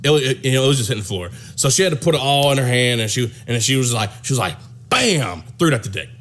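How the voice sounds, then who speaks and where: A man telling a crude comic story, rambling and repeating himself with animated delivery. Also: mid-range voice, very fast. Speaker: comedian storyteller.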